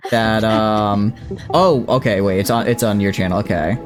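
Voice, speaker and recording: A man's voice: fairly low pitch, moderate pace, over music. A man hosting a live stream, chatting casually in a playful, teasing way with frequent restarts. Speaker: streamer and host.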